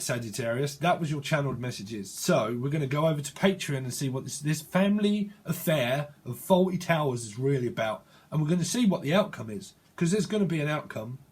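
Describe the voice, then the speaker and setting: A man's voice: mid-range voice, darkish tone, slightly rough. A man giving a casual tarot reading, rambling and joking and laughing often. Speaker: tarot reader. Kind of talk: casual channeled reading to camera.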